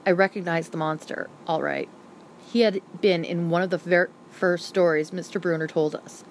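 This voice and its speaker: Reading a first-person novel aloud, this audiobook narrator has a slightly low voice for a woman and a steady tone. She tells the story briskly and vividly, and a faint hiss can be heard in the background.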